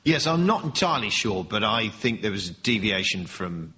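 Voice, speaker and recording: A man's voice: lowish voice, big pitch swings, normal speed, long reverb tail. A man in comic panel banter, dry and self-deprecating. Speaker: panel show guest. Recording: lo-fi radio recording, loud hiss.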